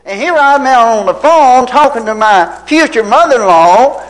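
Folksy older male preacher, lively pitch. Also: moderate pace, rough recording. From Tennessee. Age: 70s. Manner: folksy storytelling with rhetorical questions. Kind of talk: anecdotal sermon.

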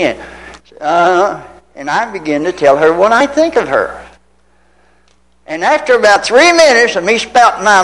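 Older male preacher in his seventies, from Tennessee; folksy storyteller, high and animated voice, asks his congregation questions. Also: rough recording. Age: 70s. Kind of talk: anecdotal sermon.

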